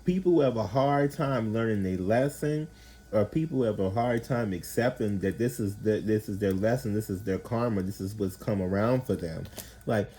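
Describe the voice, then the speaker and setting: A man's voice: on the low side, moderate pace, rough recording. A man giving a casual tarot reading, rambling and slangy with plenty of profanity, often acting out the people he describes. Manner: animated, acts out quoted people. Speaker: tarot reader.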